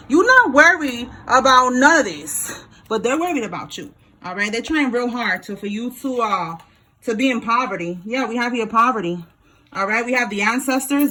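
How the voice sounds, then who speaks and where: A woman giving a casual tarot reading, talking straight to her viewers in a blunt, slangy way with swearing and quick laughs. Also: a little high, pushed and bright. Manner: talks to viewers directly while pulling cards. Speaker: tarot reader.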